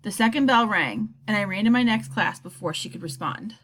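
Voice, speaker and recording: A woman reading a children's novel aloud, telling the story in an expressive first-person voice. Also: mid-range voice, a little fast, slight background noise. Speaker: audiobook reader.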